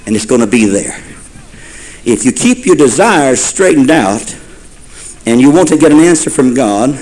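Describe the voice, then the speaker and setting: A man's voice: mid-range voice, darkish tone, low-quality recording. A man preaching a sermon in a folksy storytelling way, building to fervent repeated phrases.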